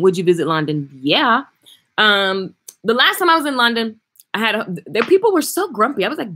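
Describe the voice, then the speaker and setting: A woman hairstylist chatting casually and frankly on a livestream, reading and answering viewer comments with animated swings in loudness. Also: mid-range voice, a little fast. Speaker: hairstylist and vlogger. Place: traveling, indoors.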